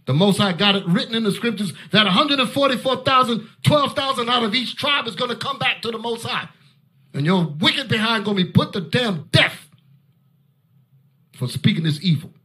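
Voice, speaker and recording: Fiery high-voiced male preacher. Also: lively intonation, moderate pace. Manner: forceful, shouting outbursts, commanding. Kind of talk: fiery street-style Bible teaching.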